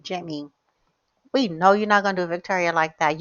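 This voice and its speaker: A woman giving animated, chatty commentary over her gameplay, often calling out to her viewers. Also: medium pitch, fast, lo-fi sound. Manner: animated, gasping, chatty, addresses viewers as y'all. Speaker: gaming YouTuber. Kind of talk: casual let's-play commentary.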